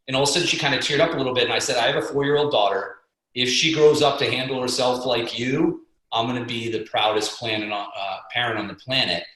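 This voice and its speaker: A middle-aged guest speaker and fitness coach tells stories on a video conference call with energetic, motivational drive, acting out the quotes of the people in them. His medium-pitched voice is fast, bright and forceful, and the call audio echoes heavily.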